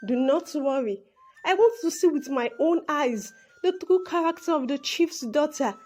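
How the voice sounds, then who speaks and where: A woman voicing a calm, self-assured young prince. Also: high-pitched, normal speed, soft background music. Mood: mischievous.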